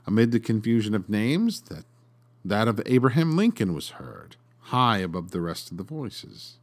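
A man hosting a podcast and reading a story aloud in an expressive, dramatic way. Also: lowish voice, normal speed. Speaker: podcast host and narrator. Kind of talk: storytelling narration.

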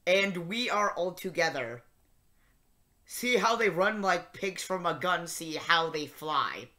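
A sardonic, grumpy old alien time traveller, as a man puts him on, grumbling his way through lines in a slow, unhurried delivery. His voice is bright and edgy, and his pitch swings widely between exasperated asides and mock singing. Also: expressive, heavily acted. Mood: weary singing. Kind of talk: comic lyric reading and singing in character.

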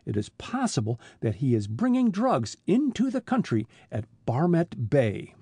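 Male reader as middle-aged detective father, assured and measured, husky warm tone. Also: medium pitch, huge pitch swings, dry recording, full character voice. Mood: serious. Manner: measured, amused then businesslike.

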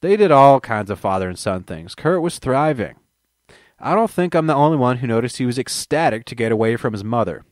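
A man's voice: medium pitch, animated, fairly quick, no room sound, studio quality. A man who hosts his own channel, reading an audiobook aloud and then rambling through joking banter with himself. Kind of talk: audiobook reading with casual chat.

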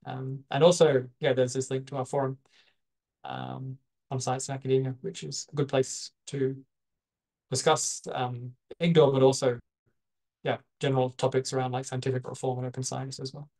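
A man presents his work over a video call, his gravelly voice staying flat and level. He talks hesitantly, pausing and restarting often with plenty of fillers. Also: medium pitch, rough recording. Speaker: guest speaker. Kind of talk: online presentation.

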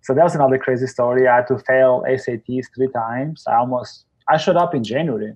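A man in his forties from Albania, speaking English with an Albanian accent, telling his life story as a guest in a casual interview, lively and quick to laugh. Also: medium pitch, husky, muffled recording. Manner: animated storyteller, acts out quoted voices, laughs often.

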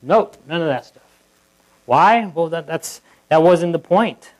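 Man preaching in church, fairly high voice, chatty, lots of restarts, acts out quotes. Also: a little slow, rough recording. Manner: conversational, with frequent restarts and asides to the congregation; animated, acting out quotes in a livelier voice. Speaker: pastor. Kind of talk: sermon.

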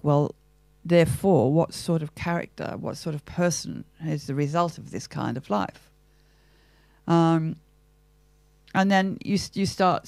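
An older Australian actress with a gravelly, crackly edge to her voice. She talks in a thoughtful, theatrical way, asking herself questions as she works through ideas. The sound is dry and close, with no room around it. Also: low-pitched, a little mellow, no room sound. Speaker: actress, interview guest. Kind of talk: reflective interview talk.

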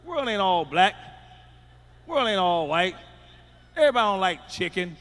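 A man doing a stand-up comedy routine, loud and profane, swinging between shouted punchlines and muttered asides. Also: sits high, very animated, normal speed. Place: large theater stage with live audience. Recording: live concert hall reverb.

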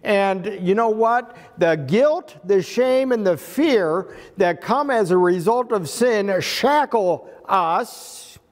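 A man's voice: high-pitched, lively intonation, slow pace, few pauses. A man preaching a sermon as pastor, earnest and building to emphatic climaxes. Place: church sanctuary. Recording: long reverb of a church hall.

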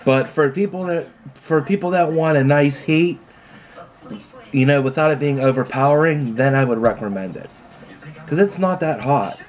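A man's voice: on the high side, moderate pace. A man in a casual home video, talking plainly and laid-back as he tastes spicy food, his mouth burning, with the odd swear. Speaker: vlogger tasting food on camera. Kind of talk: casual food challenge chat.

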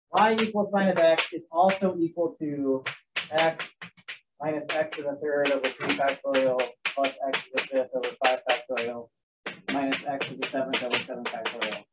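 Heavy background noise fills this dull, distant classroom recording of a man with a slightly high voice. He works through sums in a casual math lecture, rambling, joking on the side and starting himself over.

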